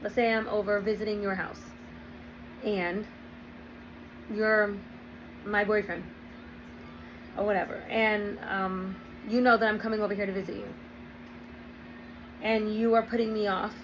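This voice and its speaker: A woman's voice: mid-range voice, flat delivery, unhurried, pauses often, slight background noise, rough recording. Woman giving casual advice, "right?". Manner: conversational, keeps checking in with "right?" and "okay". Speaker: relationship advice vlogger.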